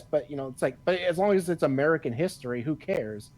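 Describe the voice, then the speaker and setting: A man's voice: fairly high pitch, expressive, fast talker, darkish tone. A man co-hosting a podcast in casual chat, ranting with a lot of swearing and frequent laughs. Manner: profane, ranting, laughs often. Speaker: podcast co-host.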